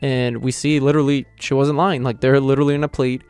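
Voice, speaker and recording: A man's voice: mid-range voice, little pitch movement, fast talker, a little mellow, smooth, soft background music. A man giving a casual, rambling review of a manga chapter, retelling scenes with lots of fillers.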